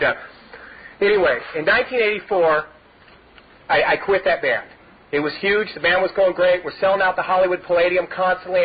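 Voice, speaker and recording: A middle-aged man with a high, husky voice tells his own story at a recovery meeting, rambling through it with a steady stream of "you know" fillers. The recording is dull and lo-fi, like an old tape. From Southern California. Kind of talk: personal testimony talk. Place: meeting hall.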